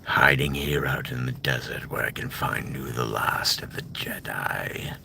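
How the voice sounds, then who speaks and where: A man playing a cold, predatory Sith warrior in a low, hissing whispered role-play. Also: steady tone, measured pace, vocal fry, sharp tone, exaggerated voice. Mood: menacing.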